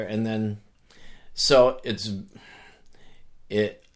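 A man talking as a guest in a casual conversation, telling a story with animated energy and earnest restarts. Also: low-pitched, unhurried. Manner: animated storyteller who acts out voices. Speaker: author and guest.

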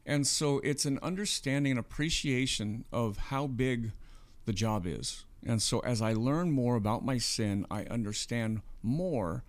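Speaking a little slowly in a mid-range voice, this podcast co-host discusses faith casually and earnestly. He keeps explaining his points and checks in often by asking "right?"

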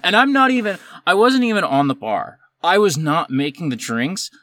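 A man's voice: sits high, moderate pace, dry recording, clean studio sound. A man co-hosting a casual podcast, telling stories from managing a coffee shop and acting out both sides of the arguments. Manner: animated storyteller who acts out both sides of a dispute. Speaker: podcast co-host. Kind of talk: casual chat, storytelling.

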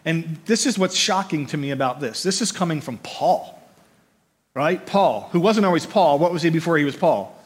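A man preaching a conversational sermon, animated and often checking in with his listeners by asking "right?", repeating words as he builds his points. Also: a little high, moderate pace. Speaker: pastor.

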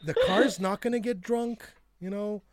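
A man's voice: high voice, measured pace, no echo, studio quality. A man hosting a casual group chat, laughing often and joking between points. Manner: laughs often, jokey and animated. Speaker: podcast host.

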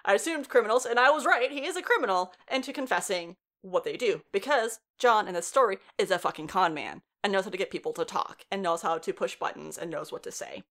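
A woman's voice: medium pitch, fast, few pauses, fairly bright tone. Chatty young woman recapping a story. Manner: chatty, swears freely, laughs often. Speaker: show reviewer. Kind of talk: casual plot recap.

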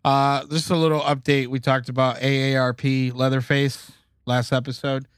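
A man hosting a podcast, running through horror news with excitable, self-mocking, foul-mouthed chatter. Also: mid-range voice, normal speed, clear, resonant tone, dry recording, clean studio sound. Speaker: podcast host. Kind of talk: casual banter reading news items.

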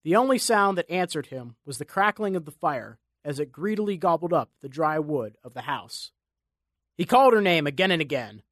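A male audiobook narrator tells an action story in a measured, dramatic way. His voice sits a little high for a man, and the recording is dry and close with no room sound. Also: animated, a bit bright, no room sound. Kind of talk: scripted narration.

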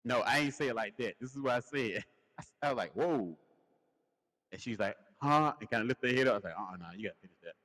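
A man's voice: medium pitch, fast, a bit bright, big-room sound. A man co-hosting a casual podcast, telling a story animatedly and defending his side with laughs. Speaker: co-host.

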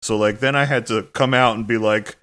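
A man's voice: mid-range voice, steady tone, brisk, a bit bright. Podcast co-host, male, rambling casual storyteller, loose and filler-heavy delivery. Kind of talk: casual anecdote telling.

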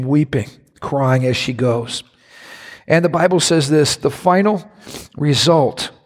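A pastor preaching a sermon to his congregation, impassioned, his voice climbing higher when he is stirred. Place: large church hall. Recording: reverberant church hall.

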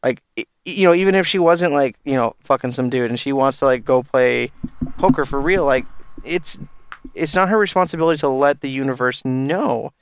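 Crude, joking man with a clear voice. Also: medium pitch, normal speed. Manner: crude, joking, rambling with restarts. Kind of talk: casual chat.

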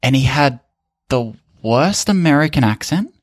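A man on a podcast telling a story in a wry, casual way. His voice is mid-pitched and recorded close and dry. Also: lively intonation, unhurried, dry recording. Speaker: podcast co-host. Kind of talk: casual chat.

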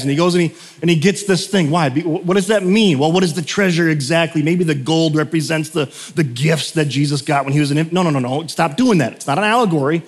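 A man in his thirties, a pastor giving a casual, conversational sermon, telling stories with many fillers and frequent laughs. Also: fairly high pitch. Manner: chatty, storytelling, laughs often, lots of fillers. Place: church sanctuary. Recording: long hall reverb.

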